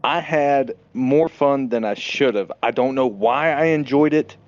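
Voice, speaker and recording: A man's voice: medium pitch, unhurried, no room sound, muffled recording. A man co-hosting a casual movie podcast, enthusiastic, swearing freely and acting out scenes. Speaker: podcast co-host. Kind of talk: casual movie review chat.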